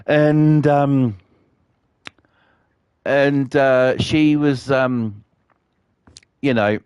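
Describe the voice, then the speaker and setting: A man's voice: medium pitch, steady tone, drawn-out words, darkish tone, smooth, no echo, highs cut off. A British man chatting casually on his live stream, rambling and swearing a lot.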